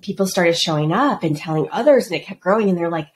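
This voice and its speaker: Brief: middle-aged woman coach, lively storyteller, mimics quoted voices, faint hiss behind. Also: on the low side, quick pace. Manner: animated, acts out quoted voices. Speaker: guest, business coach. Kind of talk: casual podcast storytelling.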